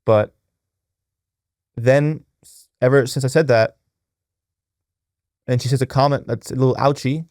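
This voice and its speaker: A man's voice: fairly even intonation, a little slow, pauses often, a little mellow, no echo. Earnest man with a dry close sound. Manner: earnest, with many restarts and "right?" tags; acts out quoted voices in a raised pitch. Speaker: podcast host. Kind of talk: spiritual relationship talk.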